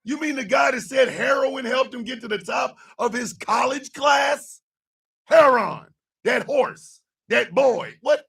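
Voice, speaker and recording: Man, radio host, angry profane rant, gravelly voice, sitting back from the mic. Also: extremely high pitch, a little slow, distant mic. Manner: profane, loud, shouting often, sarcastic.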